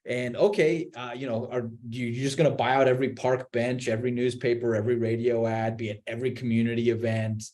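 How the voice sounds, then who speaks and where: A man on a video call webinar, explaining real estate marketing in an animated way, with many restarts and repeated words. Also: mid-range voice, fast talker, hardly any pauses. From Utah. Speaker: marketing executive guest.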